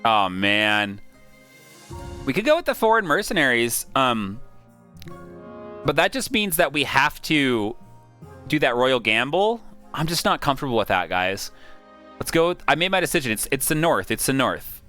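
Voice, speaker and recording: A man streaming a strategy game, excitedly thinking aloud, reading the story out and swearing casually. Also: medium pitch, moderate pace, faint music behind. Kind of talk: live-streamed game play with narration.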